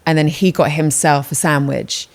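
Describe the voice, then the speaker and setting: A British woman with a notably low voice, chatting as a podcast co-host. She tells stories with lively energy, acts out the quoted lines and laughs often. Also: moderate pace. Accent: British English. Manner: animated storyteller who acts out quoted dialogue and laughs often. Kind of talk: casual chat.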